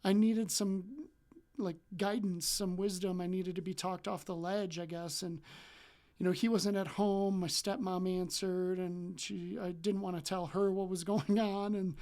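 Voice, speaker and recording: A man's voice: little pitch movement, measured pace. A man in his forties from Wisconsin, working as a coach, tells a story from his own life. He talks loosely and chattily, with plenty of ums and likes. His voice jumps up when he acts out the lines of the people in the story. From Wisconsin, USA. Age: 40s. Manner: acts out remembered dialogue with jumps in pitch and loudness. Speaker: relationship coach. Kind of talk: casual personal storytelling.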